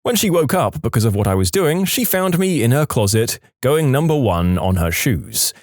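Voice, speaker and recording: A man reads odd little stories aloud with a lively, bouncing voice, his pitch swooping up and down. He sounds close to the mic in a dead, dry room. His telling is playful and expressive. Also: moderate pace, no room sound. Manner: expressive storytelling with playful acted quotes. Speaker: storytelling channel narrator. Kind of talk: reading submitted stories aloud.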